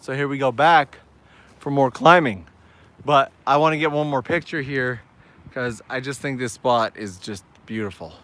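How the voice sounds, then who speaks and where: A man's voice: medium pitch, moderate pace, a bit bright. A man hosting a casual walking live stream outdoors, upbeat and chatty as he talks to viewers while climbing hillside steps.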